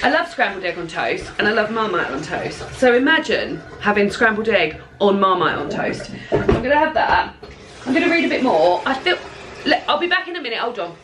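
A woman's voice: medium pitch, very animated, fairly quick, noisy background. Rambling English woman in an echoey kitchen. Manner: chatty, rambling, self-deprecating, swears casually. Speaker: book vlogger. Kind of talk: casual rambling vlog chat. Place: home kitchen. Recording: echoey room.

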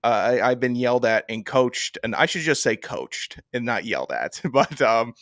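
A man co-hosting a football podcast in a casual chat, teasing his co-host and acting out coaches' shouts. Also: mid-range voice, big pitch swings, moderate pace, no room sound, clean studio sound.

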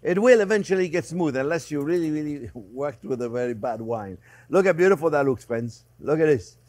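A man's voice: a little high, lively intonation, brisk, darkish tone, dry recording. A male chef hosting a cooking show, chatting casually with viewers as friends while he demonstrates a recipe in a studio kitchen.

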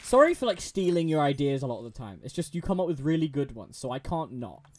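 A man's voice: a little high, very animated, quick pace. A young man streaming a game, chatting to a friend, giggling and stumbling over restarts. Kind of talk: casual gameplay chat with a friend.

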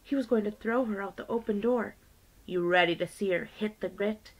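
A woman's voice: mid-range voice, moderate pace, rough recording. A woman teacher reading a novel aloud to her class, page by page, lightly voicing the characters.

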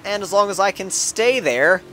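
A man giving rambling, casual let's-play commentary as a gaming channel host, chuckling between thoughts and breaking into sudden excited outbursts. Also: high voice, moderate pace, a little hiss or hum.

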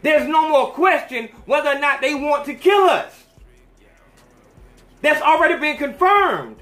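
A man's voice: very high-pitched, expressive, unhurried, a bit bright, faint music behind. A man hosting a podcast, giving heated, profane commentary in a preachy, fiery manner. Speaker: podcast host.

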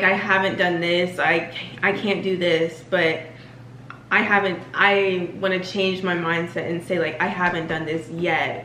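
A woman's voice: lowish voice, a bit bright. A teenage girl, the daughter, talking casually and rambling with lots of fillers. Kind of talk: casual family chat. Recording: echoey room with faint noise.

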